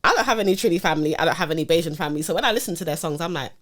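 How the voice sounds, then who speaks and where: Young woman with a low voice, laid back podcast chat, says like a lot. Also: rapid-fire. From England. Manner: relaxed, frank, lots of fillers. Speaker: podcast co-host. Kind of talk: casual chat.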